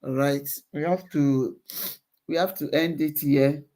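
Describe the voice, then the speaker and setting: A woman's voice: sits low, fairly even intonation, measured pace, warm tone. A woman hosting a live online show, giving impassioned commentary and repeating phrases for emphasis.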